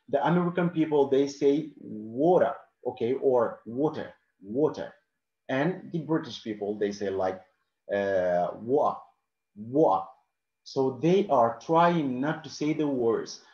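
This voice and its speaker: A man's voice: medium pitch, a little mellow, reverberant, lo-fi sound. A man teaching an English lesson live online, answering questions from the chat and often adding "okay" and "of course".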